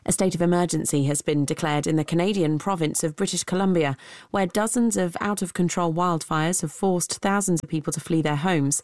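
A woman reading a radio news bulletin in a crisp, even, formal delivery. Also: fairly low pitch, dry recording, studio quality. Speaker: newsreader. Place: radio studio.

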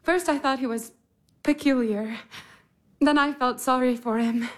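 An actress as an urgent, lovesick sister. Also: female voice, sits high, steady tone, a little slow. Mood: yearning. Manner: urgent, intense. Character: passionate sister confessing secret love. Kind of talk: stage drama acting.

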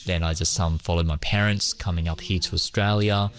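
A man from Hong Kong, a school teacher, answering interview questions hesitantly with many pauses and fillers. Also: deep voice, fairly even intonation.

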